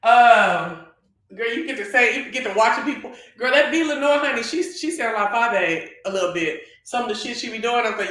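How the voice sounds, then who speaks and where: Bright sassy host gossiping on a live stream, big echoey room. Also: mid-range voice, moderate pace. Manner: sassy, animated, calls viewers girl and honey. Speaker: livestream host. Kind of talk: casual livestream gossip chat.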